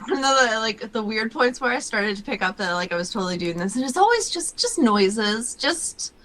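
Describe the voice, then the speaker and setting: A young woman with a bright, slightly high voice hosts a casual podcast chat. She talks loosely and openly, peppering her sentences with fillers as the thoughts tumble out. Her tone stays informal throughout. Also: very animated, normal speed, a little hiss or hum, poor audio. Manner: chatty, lots of fillers like "like". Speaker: podcast host.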